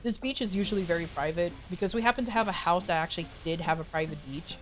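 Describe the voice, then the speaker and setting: Woman streamer rambling thru a story, mocks herself, squeaks up high quoting ppl, faint music behind. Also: fast. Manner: rambling, self-mocking, jumps pitch high to quote others. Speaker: VTuber streamer. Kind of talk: casual storytelling to chat.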